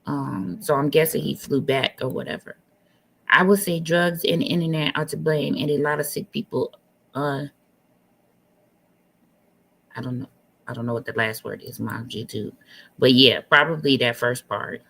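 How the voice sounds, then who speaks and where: A woman co-hosting a casual live-stream chat, animated and incredulous, repeating phrases for emphasis. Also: rumbling low, moderate pace, gravelly, husky.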